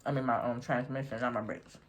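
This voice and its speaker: Woman vlogger, unusually low voice, chatty rambling storytime over a meal. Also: steady tone, brisk. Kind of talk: casual storytime while eating.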